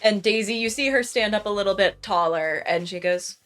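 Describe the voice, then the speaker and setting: A woman's voice: medium pitch, a little fast, hardly any pauses, a bit bright, soft background music. A woman narrating a tabletop game as game master, with a descriptive, playful storytelling manner.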